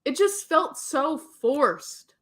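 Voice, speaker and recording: A young woman chats casually as a book club co-host, her voice sitting a little high. She gives strong opinions and laughs often. She quotes characters in playful put-on voices. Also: lively intonation, very slow, fairly bright tone.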